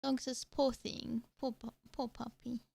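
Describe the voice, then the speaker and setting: Brief: young Australian woman gamer, high bright voice, unhurried chatter, swears freely and shrieks when startled. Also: little pitch movement, vocal fry, a little hiss or hum. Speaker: streamer. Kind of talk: casual gaming commentary.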